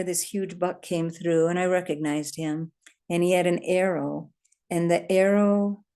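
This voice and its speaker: A woman's voice: fairly low pitch, a little mellow. A woman leading a workshop, telling personal stories in an earnest, conversational way with occasional laughs. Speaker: workshop leader. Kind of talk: storytelling workshop talk.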